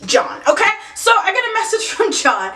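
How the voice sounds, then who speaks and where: A woman vlogger telling funny dating stories in a sassy, animated way, with many asides. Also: very high voice, moderate pace, slight background noise. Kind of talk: comedic storytelling to camera. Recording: echoey room, mic at a distance.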